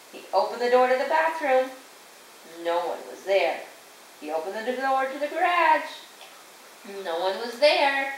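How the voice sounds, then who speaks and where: Woman reading aloud, echoey room. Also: high-pitched. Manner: slow, patient storytelling with sound effects. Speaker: parent reading to a small child. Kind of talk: reading a picture book aloud. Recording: echoey room, distant mic, faint hiss.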